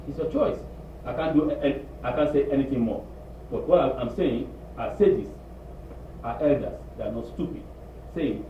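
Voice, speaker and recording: A man preaching a sermon in a congregation hall, animated and emphatic, repeating his points, recorded from a distance. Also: medium pitch, moderate pace, slight background noise. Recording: distant, echoey, dull room recording.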